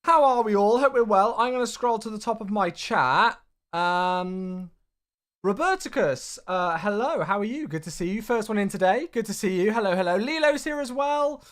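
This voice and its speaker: A man's voice: expressive, normal speed. A man, livestreaming a flight simulator and chatting casually as he greets his viewers one by one. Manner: upbeat, chatty, big swings in pitch and loudness.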